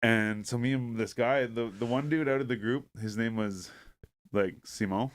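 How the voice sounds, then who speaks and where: A man's voice: medium pitch, moderate pace. A man telling a story in casual podcast chat, rambling and profane, filling it with "like" and acting out other people's lines.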